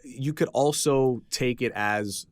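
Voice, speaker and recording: A man co-hosts a podcast in easygoing, chatty banter, his voice sitting at an ordinary male pitch. He talks loosely and laughs easily. The sound is close and dry, with no room around it. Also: takes it slowly, no room sound. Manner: laid-back, talkative, often laughing. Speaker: podcast co-host. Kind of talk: casual chat.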